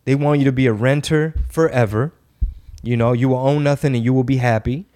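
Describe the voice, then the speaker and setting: A man's voice: mid-range voice, fairly even intonation, brisk, warm tone. A man hosting a podcast, chatting casually in a sarcastic, ranting way. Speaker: podcast host. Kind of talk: casual chat.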